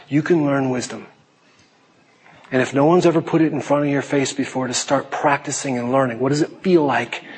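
A middle-aged man preaching a sermon in a lively, joking way, slipping into put-on voices for effect. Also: slightly rough, long reverb tail. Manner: animated, jokey, puts on high panicky voices. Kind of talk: sermon with acted asides.

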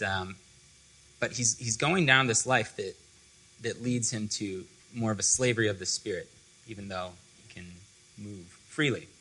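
A man's voice: fairly low pitch, pushed and bright, slightly rough, rough recording. A young man giving a casual, conversational sermon to a student fellowship, full of "like" and loose asides. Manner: conversational, filler-heavy with frequent "like".

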